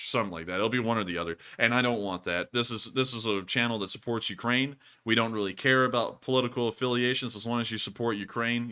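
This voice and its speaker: Thanking his donors, this livestream host rambles and chats, laughing often as he reads donations on a casual stream. He has a lowish, sharp voice, and the audio is clean.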